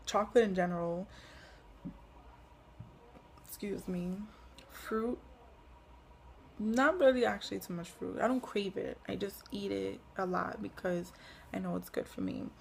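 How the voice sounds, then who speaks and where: Breathless young woman, gravelly casual vlog. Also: medium pitch, slight background noise. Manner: rambling, lots of "like" and "um". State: short of breath. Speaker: pregnancy vlogger. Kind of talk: casual chat.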